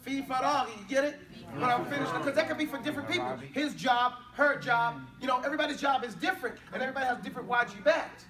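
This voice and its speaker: High-voiced male teacher, far from mic. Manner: casual, mixes English and Arabic drills. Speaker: Arabic teacher. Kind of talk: classroom teaching. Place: classroom.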